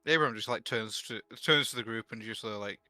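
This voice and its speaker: A man's voice: mid-range voice, brisk, bright, forceful tone, no echo, soft background music. A man playing a tabletop game, describing his character hesitantly with many stumbles. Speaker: player.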